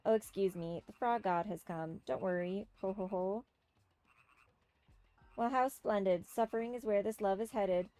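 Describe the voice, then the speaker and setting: A woman doing a croaking frog sorceress. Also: mid-range voice, no room sound, close to an everyday voice. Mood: mystical. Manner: croaks ribbits, slow and hushed. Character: mystic frog sorceress woman, odd and solemn.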